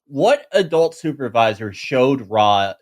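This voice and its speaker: Animated, jokey man with a lively voice. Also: mid-range voice, slow. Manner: animated, jokey, does mocking impressions. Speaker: podcast co-host. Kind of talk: casual comedic chat.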